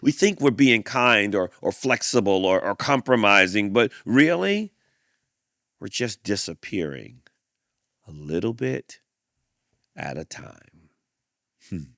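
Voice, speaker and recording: A man's voice: lowish voice, sing-song, slow, long pauses, pushed and bright, no room sound, clean studio sound. A man hosting a podcast, reading a picture book and reflecting aloud, with frequent restarts and sighs. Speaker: podcast host.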